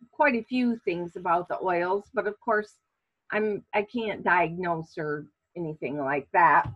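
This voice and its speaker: A woman hosting a casual online class, speaking in a relaxed way with many fillers. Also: fairly high pitch, muffled recording. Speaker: class host.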